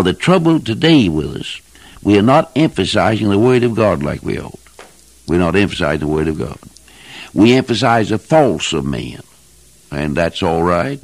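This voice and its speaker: A man's voice: sits low, creaky, no room sound. A man preaching an emphatic old-time sermon, swinging his voice up and down for emphasis. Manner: emphatic, preaching in rising and falling bursts. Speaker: evangelist preacher.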